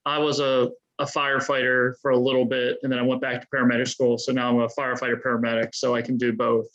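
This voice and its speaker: A man's voice: medium pitch, completely flat delivery, quick pace, fairly bright tone, highs cut off. A man with a Baltimore accent, a firefighter paramedic co-hosting a podcast, chatting casually with a dry, complaining, self-mocking humor. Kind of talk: casual chat.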